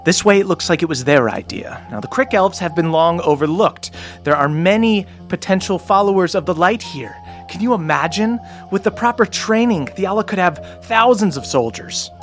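A man voicing a calm, scheming cleric leader. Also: high-pitched, moderate pace, faint music behind.

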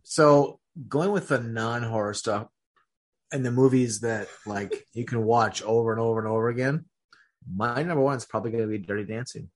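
A man with hiccups, rambling haltingly through a casual podcast chat with many fillers. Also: mid-range voice. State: has hiccups. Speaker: podcast co-host.

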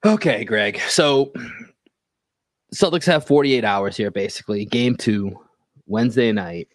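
A man co-hosting a sports podcast, talking in casual chat and reeling off stats and results in a measured way. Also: lowish voice, no echo. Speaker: podcast co-host.

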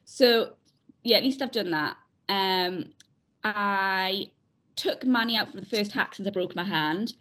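A woman's voice: medium pitch, measured pace, a bit bright. A woman co-hosting a casual podcast chat over a call, telling stories with giggles and acted-out quotes. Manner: chatty, giggly, acts out voices in quotes. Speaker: podcast co-host. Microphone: remote call.

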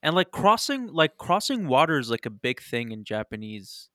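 A man's voice: on the high side, moderate pace, dry recording, clean studio sound. A man in a casual chat about an anime film, talking loosely with many fillers and jokes. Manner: lively, jokey, lots of "like".

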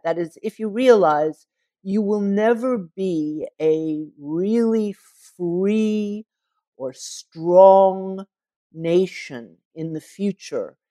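A woman author answering interview questions. She speaks in a measured, explanatory way at a mid pitch. The sound is close and dry. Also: dark tone, no room sound. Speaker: author guest.

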